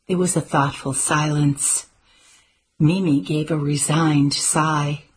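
A woman narrating an audiobook in a calm, measured storytelling manner. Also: deep voice, husky.

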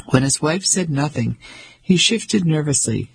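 A man narrating a novel in measured, scripted storytelling. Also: on the high side, lively intonation, creaky, husky, no echo, poor audio. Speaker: audiobook narrator.

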